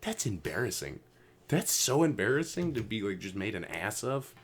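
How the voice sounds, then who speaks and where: A man hosting a casual podcast, ranting with lots of swearing, jumping between loud outbursts and low mutters. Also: big pitch swings, normal speed. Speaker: podcast host.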